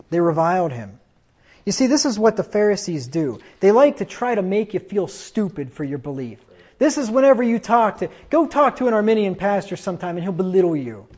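A man with a high voice preaches a fiery sermon, reading scripture and mocking his critics. The recording is dull and lo-fi, like a church tape. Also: lively intonation, normal speed, darkish tone. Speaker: pastor.

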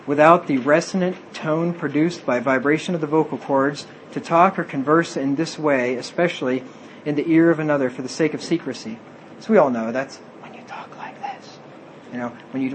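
A man's voice: fairly high pitch, low-quality recording. Man, preacher, sermon, reads scripture then explains, faint background hiss.

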